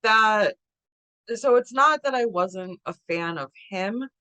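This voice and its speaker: Woman, bright tense voice, animated storyteller, podcast co-host, dry sound. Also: medium pitch, takes it slowly, smooth, no echo. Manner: animated storyteller, acts out quotes, laughs often. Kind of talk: casual chat.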